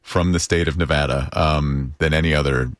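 A man with a deep, low voice hosts a political talk show. He talks loosely, with fillers and laughs. The sound is close and dry, with no room in it. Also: steady tone, normal speed, dry recording. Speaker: host.

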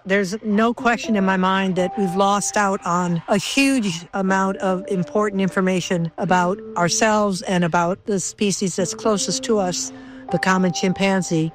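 A woman's voice: mid-range voice, steady tone, unhurried. Woman former researcher, emotional reminiscing. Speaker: former lab researcher interviewed. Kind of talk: documentary interview.

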